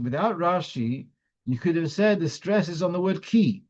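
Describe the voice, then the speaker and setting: Rabbi explaining a halachic question. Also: male voice, high-pitched, lively intonation, moderate pace, a little mellow, lo-fi sound. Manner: explanatory, thinking aloud with frequent restarts. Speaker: rabbi teaching a weekly class. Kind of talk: halachic lecture.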